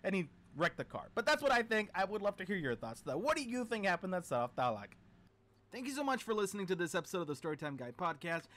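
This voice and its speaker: A male podcast host retells an old myth in a loose, chatty way, wandering into animated asides. His voice sits a little high and he speaks very quickly.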